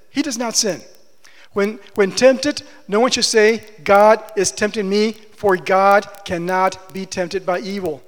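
Male preacher, high voice, impassioned delivery, long hall reverb. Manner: impassioned, rises to emphatic declarations. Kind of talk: expository sermon.

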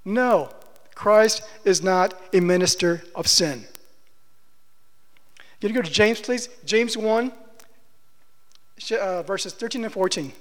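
Impassioned high-voiced male preacher in a hall. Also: takes it slowly, long pauses. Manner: impassioned, rises to emphatic declarations. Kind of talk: expository sermon. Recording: long hall reverb.

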